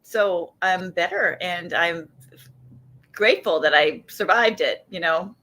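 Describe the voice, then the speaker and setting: A woman's voice: fairly low pitch, bright, forceful tone. Thoughtful woman guest on a podcast. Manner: thoughtful, measured. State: recovering from illness. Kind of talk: casual chat.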